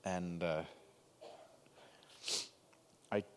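Deep-voiced man sharing a personal story. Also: steady tone, a little mellow, a little hiss or hum. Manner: emotional, halting storytelling with pauses and restarts. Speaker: guest telling his story. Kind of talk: personal testimony in a conversation.

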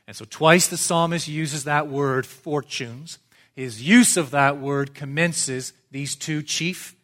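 A man's voice: fairly high pitch, a bit bright. A man preaching an expository sermon as pastor, structured and emphatic, repeating phrases for stress. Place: church.

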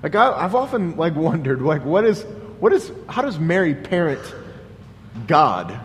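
A man preaching a sermon in an earnest, searching manner, his voice high and his delivery slow. He restarts his sentences often as he works through his questions. The sound carries a long hall reverb over a faint low rumble. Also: very animated. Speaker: pastor.

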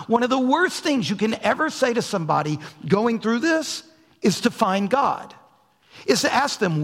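A male pastor preaching a sermon, dropping to soft low asides and then rising to raised, emphatic lines. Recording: long hall reverb.

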